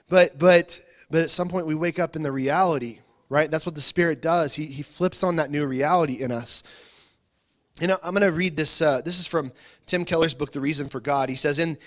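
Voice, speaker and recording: A male pastor giving a conversational sermon, informal, often repeating words and asking the congregation questions. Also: fairly high pitch.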